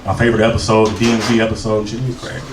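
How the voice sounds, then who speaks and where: A man's voice: on the low side, little pitch movement, very fast. Man doing profane stand-up in a club. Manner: profane, loose storytelling with crowd work. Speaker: stand-up comedian. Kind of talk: stand-up comedy set. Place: comedy club stage. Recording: roomy live club sound from a distance with crowd.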